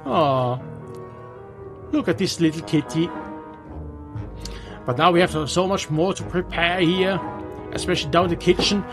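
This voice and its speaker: A man with a Swiss German accent, a native Swiss German speaker, giving halting gameplay commentary in English with many restarts. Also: a little high, over music. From Switzerland. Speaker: let's player.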